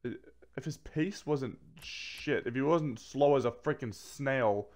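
A man giving casual commentary while opening packs in a video game, swearing freely and swinging between flat grumbling and excited shouts. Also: medium pitch, takes it slowly. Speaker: gaming video creator.

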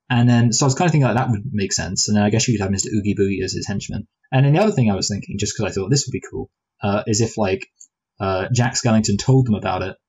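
Low, husky-voiced man reviewing films. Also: darkish tone, poor audio. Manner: rambling, hesitant, full of restarts and fillers; playful speculative asides. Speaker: film review podcast co-host. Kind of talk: casual film review chat.

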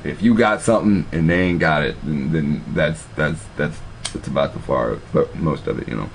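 A man with a low, deep voice and a gravelly, fry-heavy texture tells a rambling story in plain, profane everyday speech. He stops and restarts often, piling on asides, and a faint hum sits behind him. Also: normal speed. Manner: profane, loose and conversational with many restarts.

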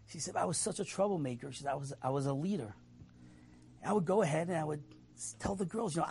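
Man, storyteller, animated delivery, acts out quotes, fairly high pitch. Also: vocal fry, husky. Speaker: storyteller speaker. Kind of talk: inspirational storytelling talk.

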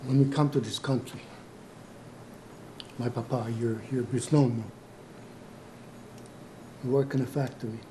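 A man playing an older Italian immigrant mob grandfather in a comedy sketch, speaking halting, broken English with an Italian accent and slipping into Italian. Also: medium pitch, fairly even intonation, dark tone, a little hiss or hum, close to an everyday voice. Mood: grave storytelling.

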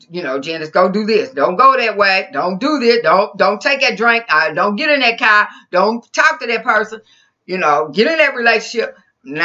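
A woman's voice: medium pitch, bright, forceful tone, lo-fi sound. A woman preacher giving an informal, rambling sermon into a computer mic, with frequent restarts and asides.

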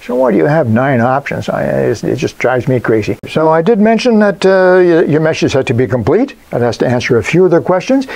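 An older man giving casual business advice on phone manners, emphatic and folksy, with lively jumps in pitch. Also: gravelly, low-quality recording. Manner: animated, emphatic, folksy asides. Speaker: business coach.

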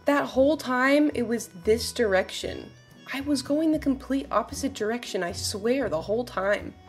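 A woman giving casual commentary while playing a video game, excitable and gasping, often dropping to quiet murmurs. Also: a little high, moderate pace, soft background music. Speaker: gaming streamer.

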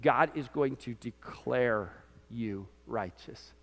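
A man preaching a sermon as pastor to his congregation, animated, his voice swinging from loud peaks to quiet lows. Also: slow pace. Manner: animated preaching, voice rising and dropping sharply. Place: church sanctuary. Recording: church sanctuary with long reverb.

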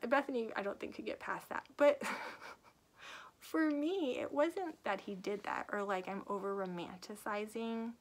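Woman author, chatty book-review vlogger; lively plot retelling with acted-out lines and easy laughter. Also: mid-range voice, unhurried. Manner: laughs often while talking. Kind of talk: casual book review vlog.

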